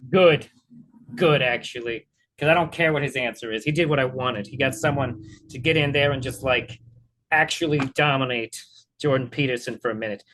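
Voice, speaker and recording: A man's voice: mid-range voice, moderate pace, a bit bright, slight background noise. A man hosting a reaction video, talking bluntly and swearing freely in casual commentary.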